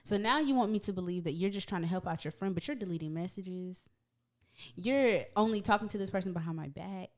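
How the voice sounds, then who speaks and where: A young woman talking on a podcast as a guest, recounting events with emphatic, animated delivery. Her voice sits a little low for a woman. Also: a little fast. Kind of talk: casual podcast chat.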